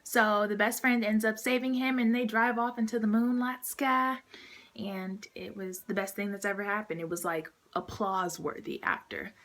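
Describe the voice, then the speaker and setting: A woman's voice: medium pitch, steady tone, moderate pace, noisy background. A woman vlogger giving a casual movie recap, full of "like" and "um", acting out what people say. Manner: chatty, fillers like "like" and "um", acts out quotes.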